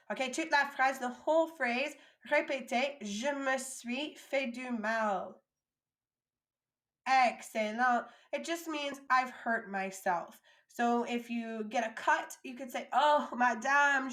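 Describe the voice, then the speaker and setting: A woman teaching a recorded French lesson, modelling words slowly for learners to repeat and then explaining them in quick English asides. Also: fairly high pitch, a bit bright.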